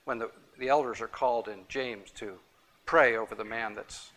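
Male Bible teacher, bright voice, emphatic, repeats for emphasis. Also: mid-range voice, normal speed. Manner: emphatic, repeats key points. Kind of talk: Bible study teaching with audience.

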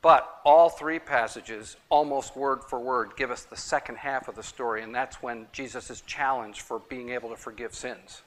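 A man's voice: mid-range voice, steady tone, normal speed, hardly any pauses, fairly bright tone. A man teaching a Bible study class, emphatic and repeating his key points, taking questions from the room.

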